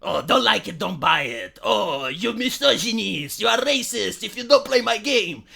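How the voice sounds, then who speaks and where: A whiny game developer caricature that a man acts out throws slow, drawn-out accusations. The voice is high and bright, with a sharp edge to it. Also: expressive, gravelly, heavily acted. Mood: accusing.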